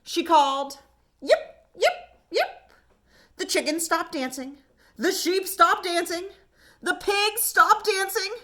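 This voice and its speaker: A woman working as a children's librarian, reading a picture book aloud with gentle, expressive storytime delivery. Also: very high-pitched, measured pace.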